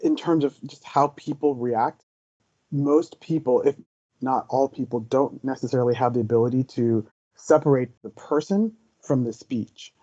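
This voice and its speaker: A man's voice: medium pitch, moderate pace, dark tone, dry recording, lo-fi sound. A man who is the guest in an interview, telling personal stories in an earnest, thoughtful way. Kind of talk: reflective interview talk.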